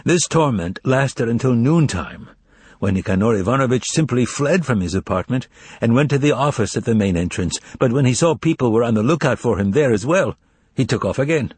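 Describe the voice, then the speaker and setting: Male narrator, audiobook reading, husky, expressive ups and downs, dry close sound. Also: medium pitch, brisk, dry recording. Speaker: audiobook reader.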